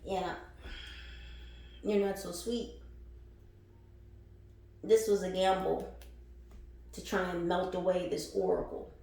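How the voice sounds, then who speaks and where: Woman, spiritual reading, slow, emphatic, profane, laughing, echoey room. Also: lowish voice, steady tone, dark tone. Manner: blunt and profane, laughing between lines; emphatic, repeats phrases for effect. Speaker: spiritual reader. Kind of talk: casual spiritual reading to camera.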